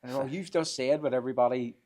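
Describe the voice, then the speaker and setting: A man's voice: mid-range voice, quick pace. Swearing storyteller man. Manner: swears freely, animated anecdotes. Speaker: podcast guest. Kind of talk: casual storytelling chat.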